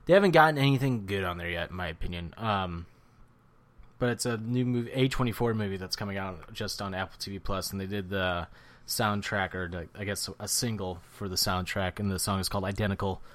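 A man's voice: deep voice, brisk, fairly bright tone. A man co-hosting a podcast, chatting casually about music picks in a rambling, teasing way full of fillers. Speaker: podcast co-host.

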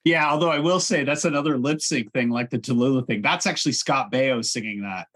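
A man's voice: mid-range voice, a little fast, fairly bright tone. A man co-hosting a podcast, chatting enthusiastically about a film and laughing easily. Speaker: podcast co-host. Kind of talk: casual film discussion.

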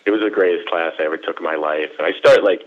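A man telling a personal story in a casual, animated way, jumping into quoted voices. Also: quick pace. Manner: animated, acts out quoted voices with big pitch jumps. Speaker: storyteller guest. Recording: dull lo-fi recording.

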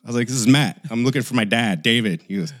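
A man's voice: mid-range voice, quick pace, noisy background. A man co-hosting a podcast, telling a long story in casual chat and acting out the voices of the people in it. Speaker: podcast co-host.

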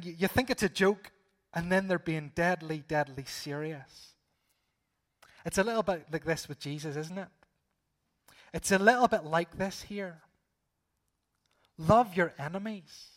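A middle-aged man, preaching a sermon and putting rhetorical questions to the congregation, swinging between loud emphasis and hushed asides. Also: high-pitched.

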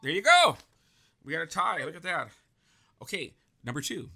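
A man with a very bright, lively voice hosts a casual quiz game, upbeat and encouraging. He reads out names one after another, his pitch bouncing around a lot. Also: moderate pace, gravelly, faint music behind. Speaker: host.

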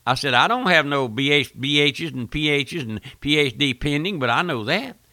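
Folksy, gravelly radio preacher. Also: male voice, on the high side, lively intonation, moderate pace, pushed and bright, no echo. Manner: folksy, emphatic, repeating phrases and rising to bursts of force. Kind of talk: fiery radio sermon.

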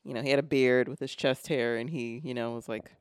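A woman co-hosting a casual movie podcast, chatty and quick to giggle. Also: rumbling low, fairly even intonation, clear, resonant tone, no room sound. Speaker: podcast co-host. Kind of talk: casual movie-review chat.

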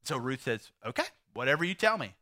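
A man preaching a sermon, retelling a story with animated voices for the characters. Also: medium pitch, brisk. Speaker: pastor.

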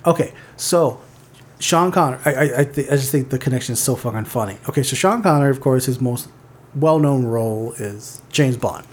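A man's voice: mid-range voice, a little fast, darkish tone. A man co-hosting a casual movie podcast, rambling and filling his talk with "like" as he corrects himself. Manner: rambling, heavy use of "like", self-correcting. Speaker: podcast co-host.

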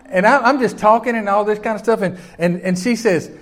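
An older Southern man delivers a sermon with a notably high voice for a man. He preaches in a folksy, homespun way and keeps turning to the congregation with questions. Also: fairly quick, fairly bright tone. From Memphis, Tennessee. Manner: folksy, conversational, peppered with rhetorical questions to the congregation. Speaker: pastor.

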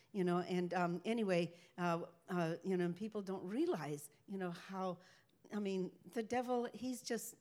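A woman's voice: mid-range voice, darkish tone. Rambling older woman sharing testimony. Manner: rambling, halting storytelling. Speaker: ministry speaker. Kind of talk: personal faith testimony.

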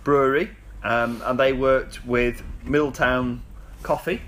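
A man co-hosting a casual podcast chat, steady and keeping the talk on track. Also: mid-range voice, unhurried, slight background noise. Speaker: podcast co-host.

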